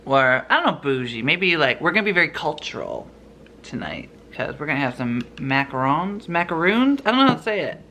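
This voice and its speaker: A man's voice: medium pitch, big pitch swings, a little fast, pushed and bright, slight background noise. A young man chatting playfully while shopping in a home goods store, laughing often as he films. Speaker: vlogger. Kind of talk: casual vlog chat while shopping.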